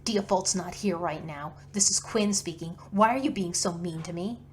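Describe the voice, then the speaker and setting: A woman's voice: fairly low pitch, normal speed, slight background noise, lightly acted. A woman doing a stubborn young noblewoman. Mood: indignant. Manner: pleading, then shouting.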